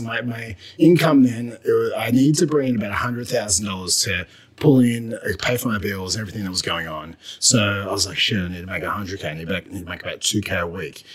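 An Australian man, a fitness business coach, telling stories in casual podcast chat, animated when excited. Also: deep voice, slightly rough.

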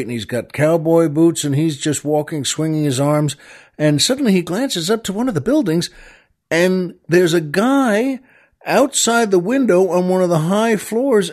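A man hosting a comedy podcast, telling jokes in a chatty monologue full of asides and chuckles. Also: fairly high pitch. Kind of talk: casual comic monologue.

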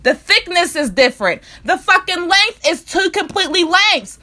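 High bright-voiced woman ranting angrily. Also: sing-song, normal speed. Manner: profane, heated, repetitive rant. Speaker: vlogger ranting about a salon visit. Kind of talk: angry storytime rant.

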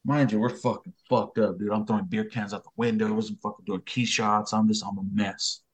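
A man's voice: fairly low pitch, steady tone, a little fast, breathy edge. A man guest on a podcast telling a personal story in loose, profane street slang, rambling and unpolished. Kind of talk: casual storytelling.

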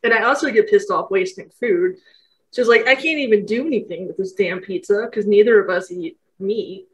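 Casting: young woman, candid laid-back podcast co-host, mid-pitched everyday voice. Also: brisk, poor audio. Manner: candid, laughing, swears casually. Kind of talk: casual chat.

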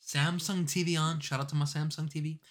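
A woman's voice: deep voice, steady tone, brisk. A woman co-hosting a casual chat with a laid-back, slangy and teasing manner.

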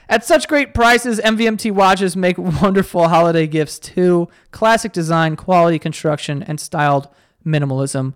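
A young man hosts a podcast on his own, talking in a loose, rambling way and poking fun at himself. His voice sits a little high and keeps cracking as he goes. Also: a bit bright, clean tone, no room sound, clean studio sound. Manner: rambling, self-deprecating, voice cracking. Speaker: podcast host. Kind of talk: casual solo podcast chat with ad read.

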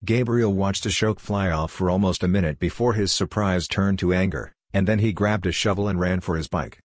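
Guy reading a story, super low voice, kinda husky, dry close sound. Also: fairly quick, dry recording. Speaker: narrator. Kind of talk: audiobook narration.

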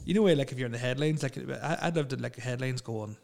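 A man's voice: mid-range voice, quick pace, gravelly, a little mellow. A young man, co-hosting a casual chat with rambling, crude and laughing banter. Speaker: podcast co-host.

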